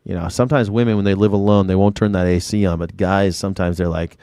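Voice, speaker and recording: Chatting with his stream audience and going through their comments, this male independent news and culture commentator rambles with heavy sarcasm and profanity. He talks quickly in a low, dark voice with a steady tone, and the recording is dry.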